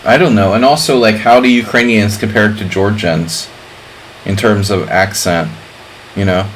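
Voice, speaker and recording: A man's voice: fairly low pitch, fairly even intonation, moderate pace, a little hiss or hum, rough recording. A middle-aged man streaming chess, chatting casually in a rambling way with lots of fillers. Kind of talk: casual live-stream chat.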